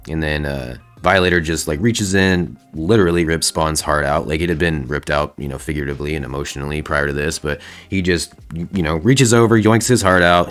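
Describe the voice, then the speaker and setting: A man's voice: extremely low pitch, fairly bright tone. A man hosting a casual comic book recap, laid-back and slangy, with lots of fillers. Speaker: host.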